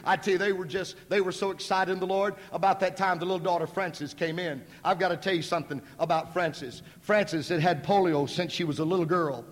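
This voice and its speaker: A man's voice: fairly high pitch, fairly even intonation, a little fast, few pauses. A male pastor preaching a sermon, telling a personal story in a folksy, emphatic way at a school gathering. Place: large hall at a school. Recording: echoey hall.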